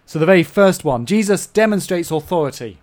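A man from England preaching a sermon, swinging between loud emphasis and hushed asides. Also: sits high, animated, fairly quick.

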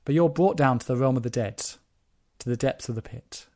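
A man's voice: mid-range voice, fairly quick, warm tone. A man preaching a sermon, explaining scripture with rhetorical questions.

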